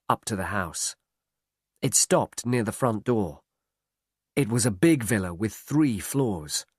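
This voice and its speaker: A man narrates a storybook slowly and deliberately, with lots of rise and fall in his voice. The sound is dry and close, with no room around it. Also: lowish voice, no room sound. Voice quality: slow, lively delivery. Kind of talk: audiobook narration.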